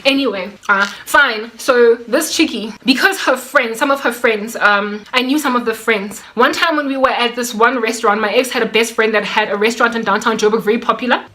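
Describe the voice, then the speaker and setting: Woman, personal vlog storytelling, animated, slightly high voice, bright tone. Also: fairly quick, hardly any pauses. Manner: animated, acts out quoted dialogue, chatty with many fillers. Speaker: vlogger.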